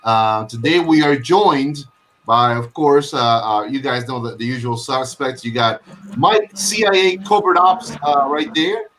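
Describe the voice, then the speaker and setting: A man's voice: mid-range voice, measured pace, fairly bright tone. A man hosting a casual live video-call chat, rambling with frequent fillers and restarts. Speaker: host.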